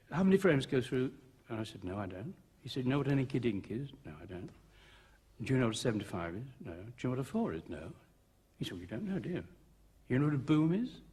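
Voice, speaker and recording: A man's voice: fairly low pitch, husky. An older man in his seventies, a veteran actor, recalling his film career in an interview with wry, theatrical storytelling and acted-out dialogue. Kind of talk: reflective interview anecdotes.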